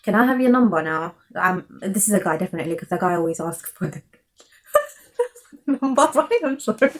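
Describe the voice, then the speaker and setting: A woman's voice: lowish voice, lively intonation, brisk, rough recording. Chatty woman vlogging. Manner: chatty, giggly, apologetic to viewers. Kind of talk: casual chat to camera, reading messages aloud.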